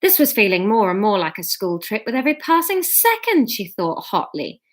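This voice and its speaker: A woman's voice: medium pitch, big pitch swings, normal speed. A woman reading a story chapter aloud, breaking off for giggly, self-mocking asides.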